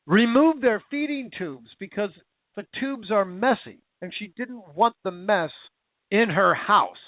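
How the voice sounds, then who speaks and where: A little slow but expressive, this man's high voice carries an angry, emotional talk radio monologue in which he keeps repeating himself as his rage builds. The recording is dry and tinny, like a phone line.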